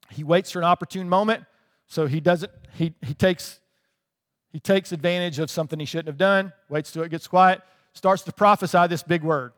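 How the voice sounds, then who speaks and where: A man with a high voice delivers a casual, conversational sermon, stopping often to check in with his listeners. The sound rings through a large hall with a long reverb tail, the way it would be picked up in a church sanctuary. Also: a bit bright. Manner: conversational preaching with frequent "right?" asides. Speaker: pastor.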